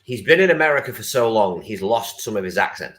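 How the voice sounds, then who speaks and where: A man's voice: fairly low pitch, expressive, fast, fairly bright tone. A man co-hosting a wrestling podcast, chatting casually and with enthusiasm, swearing now and then. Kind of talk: casual chat.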